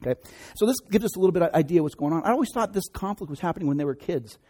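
A pastor delivers a sermon in a relaxed, storytelling manner, tossing in jokes along the way. His voice is mellow and warm, a little husky, and sits slightly higher than most men's. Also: racing. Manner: conversational storyteller, joking asides.

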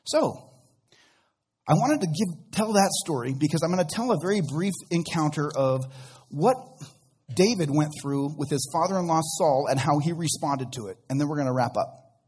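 A man's voice: fairly high pitch, lively intonation, normal speed, a little mellow, breathy edge. A man preaching a sermon as pastor, retelling a Bible story conversationally with acted-out quotes and casual slang.

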